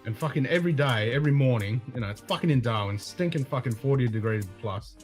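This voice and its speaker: A man's voice: mid-range voice, expressive, fast talker, soft background music. A man co-hosting a casual chat, laid-back and agreeable, swearing freely as he tells stories.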